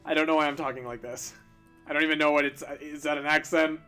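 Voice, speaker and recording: Young man, casual stream chat, rambling restarts, bright forceful tone, soft music underneath. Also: on the high side, steady tone, fast talker, clear, resonant tone. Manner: rambling, stumbling restarts, self-deprecating laughs. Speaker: streamer answering chat questions while drawing.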